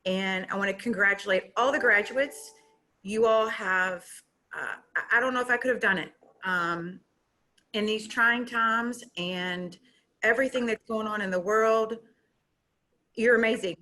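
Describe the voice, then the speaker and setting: A woman's voice: mid-range voice, a little slow, sharp tone. A woman from a company speaking at an online graduation, tearful and gushing, laughing through her tears. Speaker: company representative. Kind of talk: emotional speech at online graduation. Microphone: video call.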